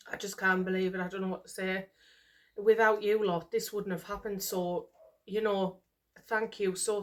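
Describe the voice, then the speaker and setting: A middle-aged British woman vlogging to camera, overwhelmed and emotional after crying all morning, sighing and repeating herself. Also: mid-range voice. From United Kingdom. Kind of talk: casual chat to camera.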